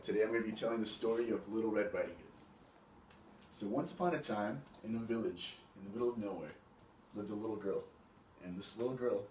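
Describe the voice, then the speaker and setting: Casual young man telling a tale. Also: on the low side. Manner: casual, conversational, loose fillers. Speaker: student storyteller. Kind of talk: casual storytelling. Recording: echoey room, mic far off, faint hiss.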